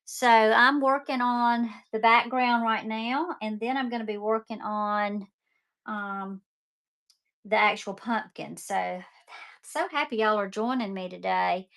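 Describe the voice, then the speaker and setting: Bright chatty Southern woman in her fifties. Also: a little high, takes it slowly, vocal fry. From Mississippi. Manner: talkative, friendly and chatty. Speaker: live-stream art kit seller. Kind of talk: casual live-stream selling chat.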